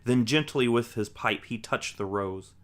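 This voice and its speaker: A man reading a rhyming children's book aloud with a rhythmic, expressive delivery. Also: mid-range voice, a little slow. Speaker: storyteller.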